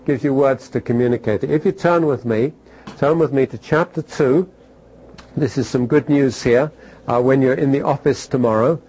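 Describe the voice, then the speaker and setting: Husky-voiced male preacher. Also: mid-range voice, normal speed, darkish tone, poor audio. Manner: repeats phrases for emphasis, asks listeners questions. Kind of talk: sermon.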